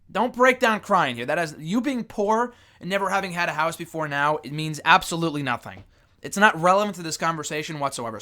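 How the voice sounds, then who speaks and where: A young man runs through a wrestling reality show episode in a loose solo review, swearing freely and dropping sarcastic asides. His voice sits a little high and comes across bright and forceful. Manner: blunt, profane, sarcastic. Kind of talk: casual solo review monologue.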